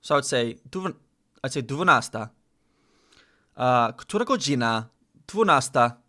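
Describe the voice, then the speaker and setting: A man's voice: medium pitch, expressive, unhurried, pushed and bright. A man streaming live, learning a language and thinking aloud, repeating phrases and correcting himself. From United States. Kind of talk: casual live-stream self-study.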